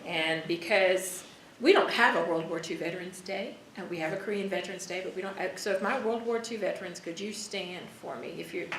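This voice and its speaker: Woman, folksy, affectionate, bright forceful voice, echoey hall. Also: lowish voice, fairly quick, a little hiss or hum. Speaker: veterans affairs officer. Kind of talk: informal ceremony speech. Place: senior center hall. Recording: echoey hall with crowd murmur.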